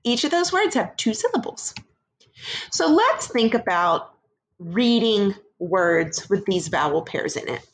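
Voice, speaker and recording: Early-grade teacher, woman, slow and sing-song, stretching out sounds for little learners. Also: medium pitch, very animated. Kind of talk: phonics lesson for young children.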